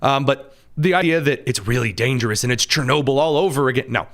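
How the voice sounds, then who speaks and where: Midwest guy hosting his podcast, sarcastic and animated, lots of ums. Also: medium pitch, fast. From American Midwest. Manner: animated, sarcastic asides, frequent fillers. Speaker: podcast host. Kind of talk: casual commentary.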